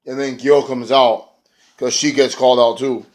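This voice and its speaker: A man's voice: medium pitch, flat delivery, normal speed. A man reviewing a wrestling show in a casual, rambling rant, swearing freely and acting out what the wrestlers said. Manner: rambling and profane, acts out quotes.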